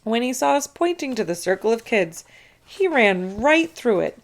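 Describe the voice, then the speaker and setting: Woman, children's book read-aloud, expressive narration, animated pitch, gravelly. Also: moderate pace. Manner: expressive storytelling.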